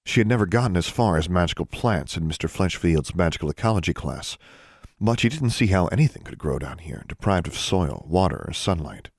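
A man narrating a fantasy audiobook in a measured, expressive reading. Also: sits low, slightly rough, dry recording, studio quality. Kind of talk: scripted narration.

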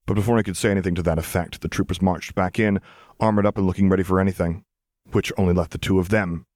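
A man narrating a fan fiction audiobook in a steady, even reading. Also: deep voice, fast, no room sound, studio quality.

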